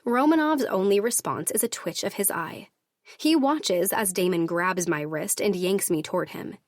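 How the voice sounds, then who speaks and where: Woman audiobook narrator, first-person romance, measured and steady, dead-dry booth. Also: mid-range voice, dry recording.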